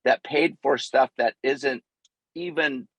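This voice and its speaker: A man speaking as a guest on a video call, animated and excitable, stumbling over his words as he backs up a sales pitch. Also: slow, dry recording, poor audio. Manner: animated, excitable, stammering restarts. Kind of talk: casual endorsement on a call.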